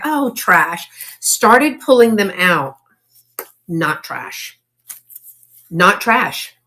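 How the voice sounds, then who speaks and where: A woman, hosting a casual live sale. She chats and exclaims over old items, and she reads faded handwriting aloud haltingly. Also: medium pitch. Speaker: online live-sale seller.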